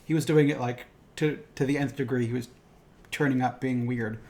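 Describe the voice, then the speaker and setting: A man in the middle pitch range co-hosting a casual podcast. He argues his points with animated, opinionated energy and swears offhandedly as he goes. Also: normal speed. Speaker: podcast co-host. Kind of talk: casual chat.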